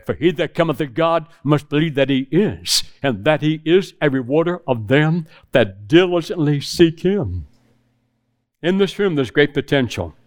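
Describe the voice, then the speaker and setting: A middle-aged man preaching a sermon to a room of men, telling a personal story and acting out the phone calls in it. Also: medium pitch. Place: church hall with audience.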